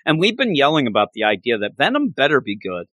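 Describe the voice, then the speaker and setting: A man co-hosting a casual comic book review podcast, talking in an easy mid-range voice. He's animated and slips into put-on voices whenever he quotes a character. The recording is dry, with no room sound behind him. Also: mid-range voice, fast, dry recording.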